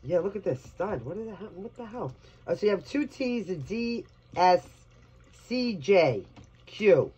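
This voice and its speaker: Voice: mid-range voice, very animated, measured pace, mellow, breathy edge. A tarot reader from Brooklyn giving a casual reading, blunt and chatty, swearing freely. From New York, Brooklyn.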